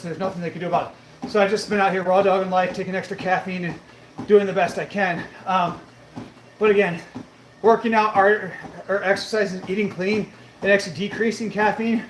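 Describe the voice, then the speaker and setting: High-pitched and a bit bright, a fitness streamer's voice comes through an echoey room with faint background noise. He chats easily with viewers, answering their questions, swearing freely, and calling them bro and brother.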